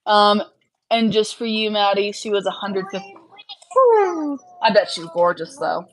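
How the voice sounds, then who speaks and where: A woman's voice: medium pitch, steady tone, measured pace, slight background noise, low-quality recording. Chatty woman answering livestream questions. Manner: chatty, frank, lots of fillers. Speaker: livestream host, rabbit breeder. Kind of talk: casual livestream chat answering viewer questions.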